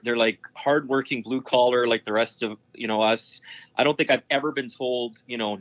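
A man's voice: mid-range voice, a bit bright, no echo, dull audio. A man working as a sports broadcaster, telling stories in an interview in an enthusiastic, rambling way, full of fillers and restarts. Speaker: curling broadcaster. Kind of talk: casual anecdote telling in an interview.

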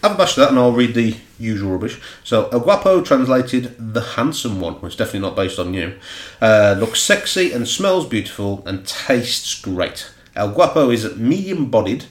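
A man with a Black Country accent chats through a beer review, dry and self-mocking. His voice sits at an ordinary middle pitch. The room around him rings with echo. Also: very animated, moderate pace, few pauses. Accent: Black Country English. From Black Country, England. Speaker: podcast co-host. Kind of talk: casual podcast chat reviewing beers.

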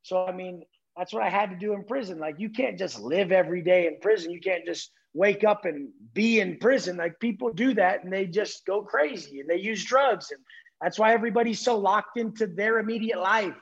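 A man speaks in a fairly high, husky voice, blunt and profane as he drives home his points. The recording sounds dull and lo-fi. He talks with relentless intensity. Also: brisk. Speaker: podcast guest. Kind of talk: intense motivational talk.

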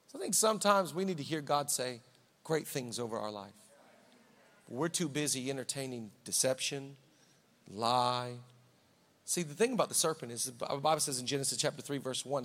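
A man's voice: medium pitch, fairly quick, fairly bright tone. A man preaching a sermon as pastor in a church, conversational and fervent by turns. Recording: reverberant hall.

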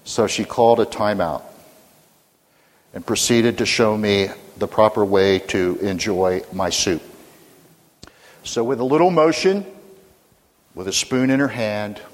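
A man's voice: fairly low pitch, slow pace, long pauses. An older man, a pastor, preaching a sermon with humorous storytelling and questions to the congregation. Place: church sanctuary. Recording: reverberant church hall.

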